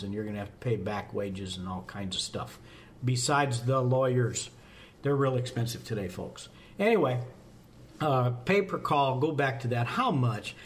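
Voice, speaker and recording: Folksy rambling American man. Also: medium pitch. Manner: folksy, rambling, jokes at himself. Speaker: fire service presenter. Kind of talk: casual podcast talk.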